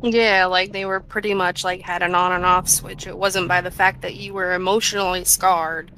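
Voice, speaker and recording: A woman's voice: lowish voice, moderate pace, poor audio. A woman co-hosting a podcast, talking casually and sarcastically, often acting out mocking quotes. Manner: sarcastic, animated, acts out mocking impressions. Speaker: podcast co-host. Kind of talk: casual true-crime chat.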